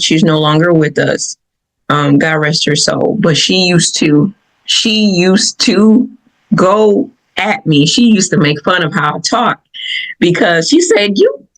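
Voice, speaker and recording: A woman from Michigan with a Southern accent, hosting a podcast and telling personal stories in an animated way, laughing often. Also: low-pitched, poor audio. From Michigan, USA. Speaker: podcast host. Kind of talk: personal reflective talk.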